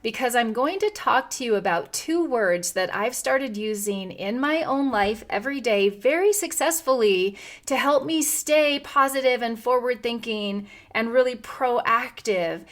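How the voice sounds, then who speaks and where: A woman's voice: on the high side, a bit bright. A middle-aged woman hosting a wellness podcast, telling a personal story in an earnest, encouraging way. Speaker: podcast host.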